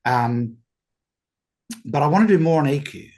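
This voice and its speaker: A man's voice: on the high side, animated, normal speed, a little mellow. A male podcast host in a mid-range voice, talking conversationally. He works toward his question by thinking aloud, restating and reworking phrases as he goes. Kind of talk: podcast interview.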